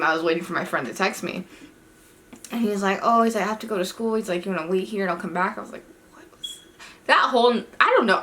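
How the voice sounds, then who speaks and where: A young woman tells a storytime to her camera at home, and her voice is bright and sharp. She is animated and exasperated, swearing freely as she acts out every line of dialogue herself. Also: mid-range voice, a little hiss or hum. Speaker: vlogger. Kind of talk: casual storytime chat.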